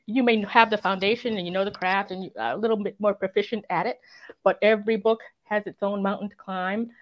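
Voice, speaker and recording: Woman author being interviewed, mid pitch, thoughtful, lots of um and sort of, kinda muffled lo-fi audio. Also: steady tone, brisk. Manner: reflective and earnest, many fillers and "sort of" hedges. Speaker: crime writer, interview guest. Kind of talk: conversational interview.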